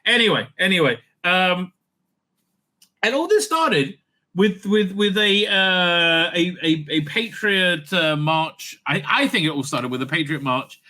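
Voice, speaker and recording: A man hosts political commentary in a bright, fairly high voice. He stumbles through fillers and restarts, and his tone turns sarcastic and indignant as he reacts to each clip. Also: lively intonation. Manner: halting, full of fillers and restarts. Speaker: host.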